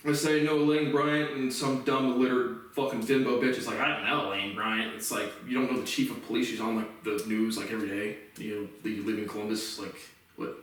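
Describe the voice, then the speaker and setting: A man's voice: mid-range voice, little pitch movement, a little fast, distant mic. Furious profane man ranting in echoey room. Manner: furious, profane, bursts into shouting. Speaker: vlogger. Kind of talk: angry vlog rant.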